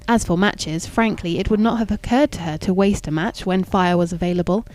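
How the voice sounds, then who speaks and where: A woman narrating a classic novel in a measured, even and formal reading. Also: fairly low pitch. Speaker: audiobook narrator.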